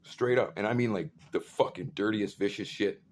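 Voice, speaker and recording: Profane rambling man, low voice. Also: normal speed, a little hiss or hum. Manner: profane, rambling, full of fillers. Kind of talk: rambling rant monologue.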